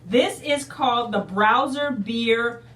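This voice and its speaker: A woman's voice: a little high, slow, a bit bright, reverberant, far from the mic. A woman in a casual unboxing video, chatting to her viewers and calling them y'all. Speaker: unboxing vlogger.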